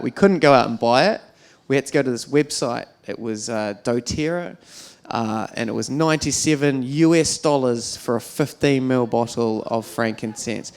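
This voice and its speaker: A man's voice: mid-range voice, moderate pace, hardly any pauses. A man doing a stand-up comedy routine on stage at a fundraiser, telling wry, self-deprecating stories with lots of fillers.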